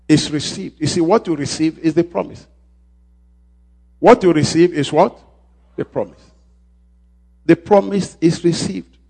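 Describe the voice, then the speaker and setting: A male pastor delivers a sermon at normal speed in a voice on the high side, repeating key phrases and calling on the congregation to respond. He swings between shouting and quiet lines.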